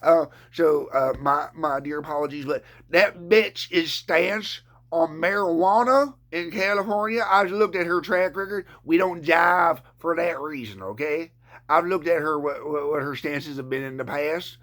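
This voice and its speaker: A man's voice: fairly high pitch, a little slow, a bit bright. A man from Canada ranting to camera, profane and rambling, often stumbling over his words. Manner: profane, rambling, stammering rant. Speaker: vlogger.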